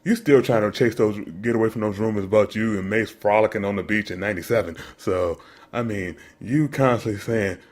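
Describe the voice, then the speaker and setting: A man's voice: on the low side, brisk. A man co-hosting a sports podcast, ranting in a mocking, incredulous way about commercials. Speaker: podcast co-host. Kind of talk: casual sports commentary rant.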